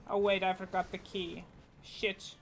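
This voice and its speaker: A woman's voice: mid-range voice, a little slow, slight background noise. A woman streaming a game, muttering and swearing casually at what is happening on screen. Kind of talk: casual gameplay commentary.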